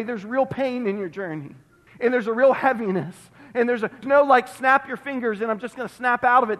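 A male pastor delivering an emphatic sermon, repeating phrases and dropping to a hush on key words, recorded in a church sanctuary. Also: very high voice. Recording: long reverb of a church hall.

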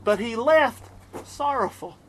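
A middle-aged preacher from the US East Coast tells lively stories in his sermon, chuckling often. His voice is very high-pitched and slow, with slight background noise.

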